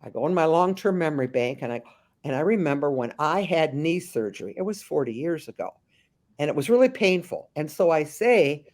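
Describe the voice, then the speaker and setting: Animated storytelling woman consultant. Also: low-pitched, normal speed. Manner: animated storyteller, slips into voices of the people she describes; frequent restarts and thinking aloud. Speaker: memory care consultant, guest. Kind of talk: interview answers with acted-out anecdotes.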